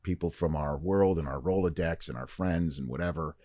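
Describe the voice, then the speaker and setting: Deep-voiced man telling a story. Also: brisk, no echo, studio quality. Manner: animated storyteller, acts out quoted dialogue. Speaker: podcast guest. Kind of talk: casual storytelling chat. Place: podcast studio.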